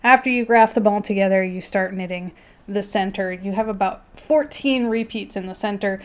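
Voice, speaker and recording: A woman's voice: mid-range voice, moderate pace. A woman hosting her knitting video at home, chatting casually and laughing often as she shows her work. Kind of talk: casual chat. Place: indoors at home.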